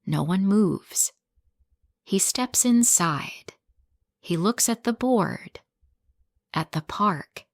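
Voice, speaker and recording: A woman narrating a graded English reader story in the first person, with slow, clear, simple phrasing for learners. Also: medium pitch, lively intonation, dry recording, studio quality.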